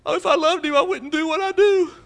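A man's voice: very high voice, steady tone, fast, vocal fry, a bit bright, voice pushed up, exaggerated voice. A preacher voicing a guilt-ridden man who whines in self-pity. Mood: despairing. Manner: whiny, self-pitying. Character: despairing guilt-ridden believer, male adult.

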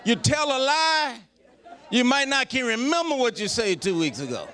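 A pastor preaching a folksy, joking sermon. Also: male voice, extremely high pitch, big pitch swings, normal speed, sharp tone, some chatter behind.

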